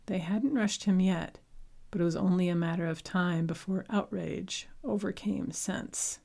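A woman narrates a story at a slow, deliberate pace. Her voice sits a little low for a woman, and she reads in a measured, unhurried way. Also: fairly even intonation, gravelly, a little mellow. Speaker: audiobook narrator. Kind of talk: scripted narration.

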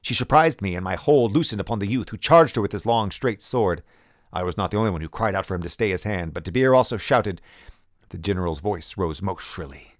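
A man narrating a first-person adventure story in a measured, vivid reading. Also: sits low, expressive, dry recording, clean studio sound. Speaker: audiobook narrator.

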